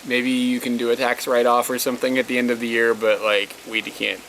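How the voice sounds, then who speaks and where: A man's voice: medium pitch, flat delivery, fairly quick, a bit bright, slight background noise, poor audio. A man co-hosting a casual Q&A vlog, rambling with lots of "like" fillers. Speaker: vlog co-host. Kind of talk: casual Q&A chat. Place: indoors, living in Japan.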